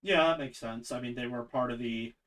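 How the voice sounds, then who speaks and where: A man with a Midwest Canadian accent in casual chat as a tabletop game player, easygoing and quick to laugh, trailing off into fillers. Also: medium pitch, a bit bright, distant mic.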